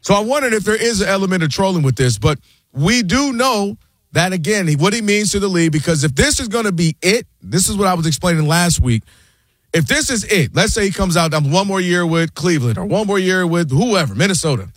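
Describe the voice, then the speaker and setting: A man's voice: high-pitched, animated, a little fast, dry recording, clean studio sound. A man co-hosting a sports talk show, making long, impassioned arguments and addressing his co-host by name. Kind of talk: animated sports debate.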